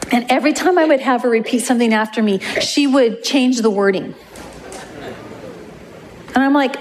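Woman, prayer minister, storytelling testimony, animated, slightly high voice, faint background noise. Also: moderate pace. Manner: animated, acts out voices, laughs at her own jokes.

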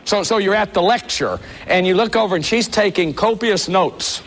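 Leading a workshop, this man speaks in a high, slightly bright voice at a moderate pace. His lecturing style is earnest and emphatic, punctuated often by the word "see."

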